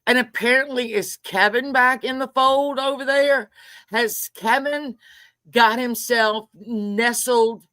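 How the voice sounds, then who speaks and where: A woman's voice: fairly high pitch, takes it slowly, bright, forceful tone, no echo. A middle-aged woman hosting a casual livestream from her carport, chatting, greeting viewers and ranting with frequent swearing. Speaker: livestream host. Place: home carport.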